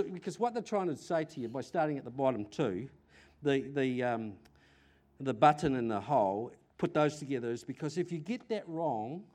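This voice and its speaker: An older man with a New Zealand accent preaching a sermon to a congregation, animated, often repeating words and asking questions. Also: mid-range voice.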